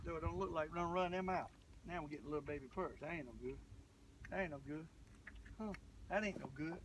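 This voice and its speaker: Excitable, high-voiced man fishing outdoors. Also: far from the mic, slight background noise. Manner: excitable, folksy, talks to the camera. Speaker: fishing vlogger. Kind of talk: casual running commentary while fishing. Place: outdoors on a boat on a lake.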